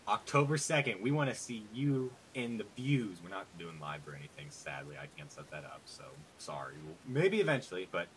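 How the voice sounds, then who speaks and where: A man's voice: lowish voice, big pitch swings, brisk, hardly any pauses, slight background noise, low-quality recording. A man hosting a podcast, chatting casually and joking as he rambles through plans for the show. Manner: rambling, joking, upbeat promo talk. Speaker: podcast host.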